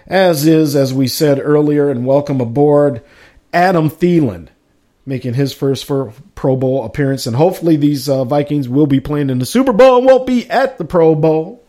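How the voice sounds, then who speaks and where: A man hosting a live sports podcast, reading out a player roster with casual asides and shout-outs. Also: a little high, lively intonation, moderate pace. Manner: reads out a list with running asides.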